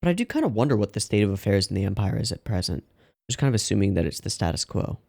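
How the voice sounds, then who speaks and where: A man hosting an anime reaction video, talking casually and rambling, with loud excited outbursts and some yawning. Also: lowish voice, fast, vocal fry. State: yawning, sleepy.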